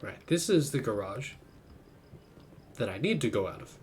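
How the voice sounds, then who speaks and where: A man's voice: mid-range voice, very animated, normal speed. A man casually commenting while playing a video game, rambling and correcting himself as he goes. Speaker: let's-play host. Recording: faint background noise.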